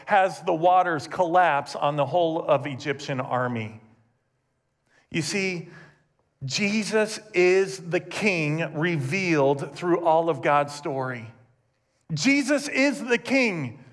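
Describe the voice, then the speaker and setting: A man preaching a sermon, retelling scripture with animated storytelling and rhetorical questions to his congregation. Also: high-pitched. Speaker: pastor.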